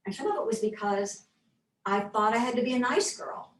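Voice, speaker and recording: Soft-spoken woman in an echoey room. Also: on the high side. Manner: thoughtful, halting, drops to soft near-whispers. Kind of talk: reflective conversational sharing. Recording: echoey room, mic at a distance, faint noise.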